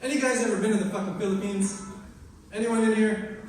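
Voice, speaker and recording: A young American man does loose, profane stand-up, tossing exasperated questions at the crowd. His slightly high voice comes from far off the microphone and rings through a very reverberant room. A steady wash of ambient noise sits underneath. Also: a little fast. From United States. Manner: crude, exasperated, chatty asides to the crowd. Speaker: stand-up comedian. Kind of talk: impromptu stand-up comedy. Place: open mic venue. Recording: echoey room, distant mic, crowd ambience.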